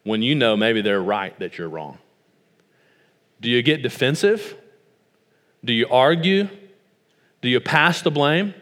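West Tennessee pastor in a reverberant sanctuary. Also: male voice, mid-range voice, animated, slow, long pauses, a bit bright. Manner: storytelling with rhetorical questions, rising to emphatic preaching. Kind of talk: sermon.

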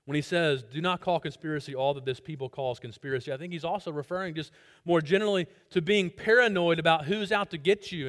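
A male pastor giving an expository sermon, emphatic and repeating key phrases, swinging between loud stress and soft drops. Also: fairly high pitch.

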